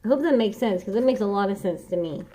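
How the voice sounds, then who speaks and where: A woman's voice: medium pitch, animated, quick pace, warm tone, a little hiss or hum. A woman giving a casual tarot reading, talking in an earnest, encouraging way and repeating key phrases like a mantra. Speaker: tarot reader. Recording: dull lo-fi home recording.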